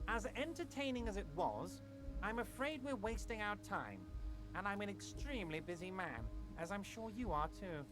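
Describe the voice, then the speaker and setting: A man's voice: sits high, big pitch swings, moderate pace, over music, pitched above the performer's own voice. A man voicing a scheming middle-aged union boss who sounds falsely friendly and slips in veiled threats, reading game dialogue on a stream. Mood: oily persuasive.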